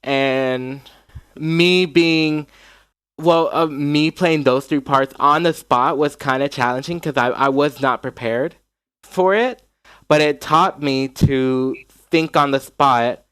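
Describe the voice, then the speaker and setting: A man's voice: a little high, slow pace, fairly bright tone, clear, resonant tone, no echo. A man from North Carolina chatting casually, rambling with lots of likes and restarts. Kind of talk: casual podcast chat.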